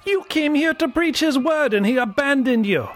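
A man's voice: extremely high pitch, expressive, moderate pace, pitched above the performer's own voice. A man doing a screaming, cursing male translator. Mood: enraged. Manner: snarling, cursing, shouting. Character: furious foul-mouthed male expedition translator.

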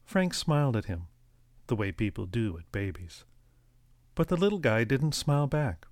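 A man reading a story aloud as an audiobook narrator, in a steady, even storytelling manner. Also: mid-range voice, normal speed, no echo, clean studio sound.

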